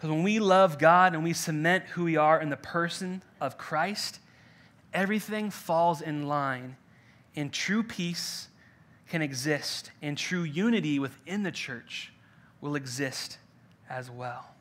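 A man's voice: fairly high pitch, unhurried, fairly bright tone. A young adult man preaching a conversational sermon, jokey and loose, with lots of filler words. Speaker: pastor. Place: church in-person gathering.

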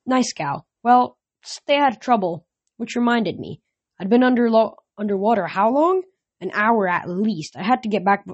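A woman reads a first-person adventure novel aloud at a moderate pitch. Her delivery is unpolished, with frequent restarts and corrected words. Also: a little mellow.

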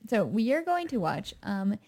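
A woman's voice: medium pitch, moderate pace. A young woman co-hosting a podcast in casual chat, laughing often as she talks. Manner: giggly, animated, laughs often. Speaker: podcast co-host.

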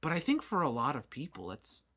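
Bright-voiced man in his late twenties. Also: fairly high pitch. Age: late 20s. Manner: animated, swearing, quick asides. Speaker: podcast co-host. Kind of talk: casual chat.

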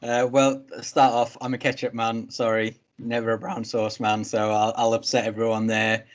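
Flat-voiced man on a muffled video call. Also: mid-range voice, normal speed. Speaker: podcast co-host. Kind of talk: casual podcast interview.

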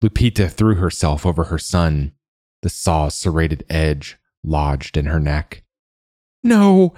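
A man narrates a dark fantasy story at a measured, deliberate pace. His voice is extremely deep. The recording is dry and close, with no room sound. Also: steady tone, no room sound. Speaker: audiobook narrator.

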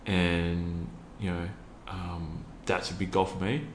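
Deep-voiced Australian man telling stories. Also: little pitch movement, slow pace, echoey room, slight background noise. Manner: earnest, many ums, vivid storyteller. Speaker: interview guest, youth program founder. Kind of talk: casual storytelling in an interview.

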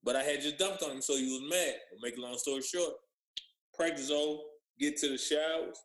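A man telling lively stories from his playing days in casual chat, acting out what others said. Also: fairly high pitch, brisk, reverberant, poor audio. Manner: animated storyteller, acts out others' lines. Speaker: former pro basketball player guest. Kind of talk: casual storytelling on a podcast.

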